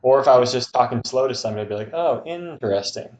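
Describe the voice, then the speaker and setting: A man's voice: medium pitch, steady tone, very fast, darkish tone, echoey room, rough recording. A man co-hosting a casual podcast chat in an easygoing way, laughing often. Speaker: podcast co-host.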